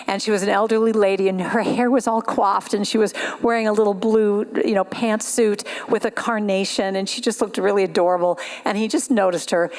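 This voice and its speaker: A woman speaking at a spiritual service, telling stories with acted-out voices and leading a slow sung chant. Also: medium pitch, fairly even intonation, a little mellow. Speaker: guest speaker and singer at a spiritual center. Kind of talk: storytelling talk ending in a sung chant.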